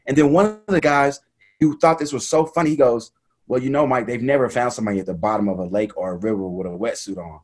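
A man casually telling a story about a race in an animated, laughing way, acting out what people said. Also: medium pitch, fast talker. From United States. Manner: animated, laughing retelling with quoted voices.

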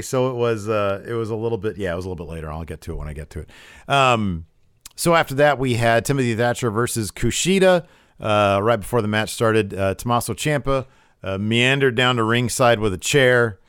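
A man's voice: lowish voice, a bit bright, clear, resonant tone, no echo, studio quality. A man co-hosting a podcast, casually recapping a wrestling show with many fillers and acted-out quotes. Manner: retells events with many fillers, acts out quotes.

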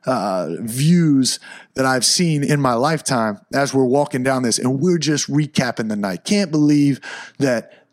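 A man shares a personal story in a relaxed, lively manner, slipping into quiet asides and then climbing into bursts of excitement.

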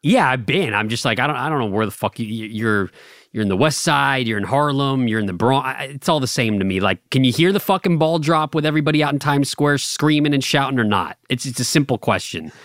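A young man co-hosts a podcast and pushes with blunt, profane questions. His voice is mid-pitched for a man. The recording is dry and close. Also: animated, a little fast, fairly bright tone, no room sound. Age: young adult. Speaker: podcast co-host. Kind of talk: casual podcast chat.

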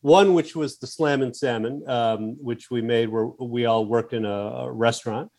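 A man being interviewed as a guest, telling long anecdotes in a casual, animated way and acting out what other people said. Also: medium pitch, normal speed. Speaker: guest, founder of a comedy group.

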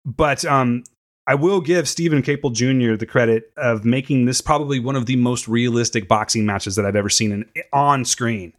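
At a moderate pace and medium pitch, a tearful man on a casual film review podcast, where he's a co-host, swears without restraint as emotion chokes him up.

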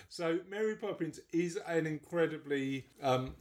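A podcast host with a Cockney accent, chatting casually and teasing with quick jokes. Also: mid-range voice, lively intonation. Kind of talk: casual chat.

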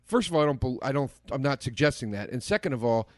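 A man's voice: medium pitch, animated, fast, no room sound, studio quality. A man in a casual podcast chat, ranting passionately and swearing freely. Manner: impassioned, profane ranting.

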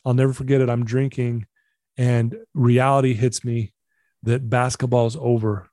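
A middle-aged man shares his story in a candid, earnest way, often circling back to the same phrases. His voice is mellow and warm, and the recording is dry and close. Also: mid-range voice, level tone, moderate pace, no echo. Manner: earnest, candid, repeats himself for emphasis. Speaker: guest. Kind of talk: personal storytelling in conversation.

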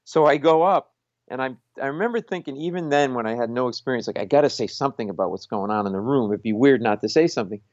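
A man, a comedian, telling an animated anecdote in conversation, acting out the people he quotes and laughing as he goes. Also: medium pitch, fast, dry recording, lo-fi sound. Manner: acts out quoted voices, laughs mid-story. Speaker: stand-up comedian guest.

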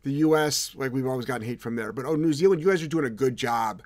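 A man's voice: medium pitch, fast, darkish tone. A middle-aged man co-hosting a podcast as a dog trainer, talking casually in a blunt, rambling way and swearing freely. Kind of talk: casual podcast chat reading comments.

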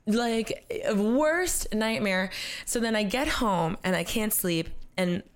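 A woman's voice: mid-range voice, expressive, slow, clean tone. A young woman telling a story as an interview guest, acting out quotes and laughing often. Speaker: guest, content creator.

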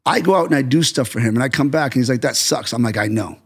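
A man's voice: medium pitch, rapid-fire, husky. A middle-aged American man, a stuntman turned director, telling stories in a casual podcast chat and acting out quotes. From United States. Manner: animated storyteller, acts out quotes.

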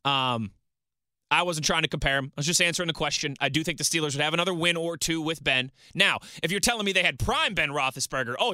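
Male sports talk host, very bright, slightly high voice, dry close studio sound, chatty. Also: dry recording. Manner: chatty, reads listener tweets and banters. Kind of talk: solo sports talk radio.

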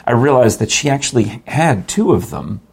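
A man's voice: mid-range voice, animated, moderate pace, creaky, a little mellow, breathy edge. An older man co-hosting a show with his wife, chatting casually and rambling with chuckles and restarts. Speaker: podcast co-host. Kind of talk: casual chat.

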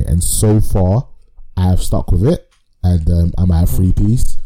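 Deep voiced guy rambling about anime, lots of swearing and slang, really dark sound. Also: unhurried, slightly rough, rough recording. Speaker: podcast co-host. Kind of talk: casual anime chat.

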